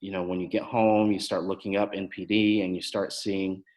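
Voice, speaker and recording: A man with a fairly low voice hosts the interview, asking long, winding questions. He stops and restarts often, filling the gaps with "um" and "you know.". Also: little pitch movement, moderate pace, a little mellow. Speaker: podcast host and former therapist.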